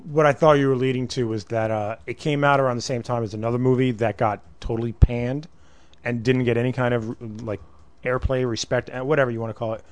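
A man's voice: mid-range voice, fairly even intonation, fairly quick. A man in a casual podcast chat, explaining his point earnestly.

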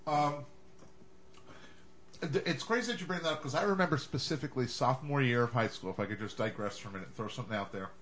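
A man's voice: on the high side, fairly quick, fairly bright tone, slight background noise. A man hosting a casual chat show, joking around and wandering off into side stories. He talks loosely and playfully with his co-hosts. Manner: jokey, rambling, digressive. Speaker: podcast host.

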